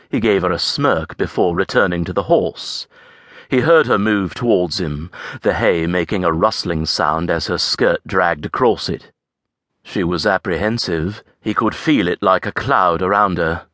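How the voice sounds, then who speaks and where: A male audiobook narrator with a low voice that moves with lively intonation. He tells the story in a measured, expressive way. The sound is close and completely dry. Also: no room sound. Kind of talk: scripted narration.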